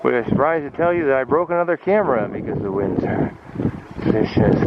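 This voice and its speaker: A man's voice: mid-range voice, lively intonation, a little fast. A man giving joking, chatty commentary at a ballpark for his sports travel vlog, filmed outdoors on a handheld camera. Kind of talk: casual play-by-play vlog commentary. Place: outdoor ballpark on a windy day. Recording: dull lo-fi camera audio with loud wind noise.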